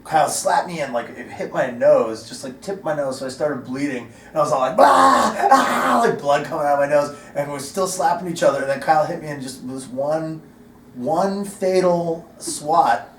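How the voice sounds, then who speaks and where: A man's voice: fairly high pitch, normal speed, slight background noise. A man, an actor guest, telling rambling, self-deprecating anecdotes in a casual interview at a convention. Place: convention venue. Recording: roomy echo, distant mic, faint ambience.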